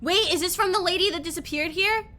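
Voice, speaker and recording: A woman's voice: extremely high pitch, quick pace, sharp tone. A young woman streamer giving chatty, giggly game commentary, swearing freely.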